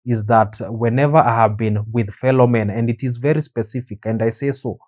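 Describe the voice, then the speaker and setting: A man hosting his own show, talking in an earnest, measured way with frequent pauses. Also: medium pitch, fairly even intonation, darkish tone. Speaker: podcast host. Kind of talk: reflective solo talk.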